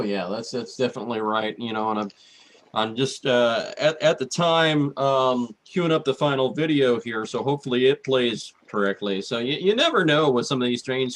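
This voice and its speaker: Relaxed, halting radio host. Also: male voice, mid-range voice. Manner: relaxed and halting, with frequent restarts. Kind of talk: casual talk-show chat.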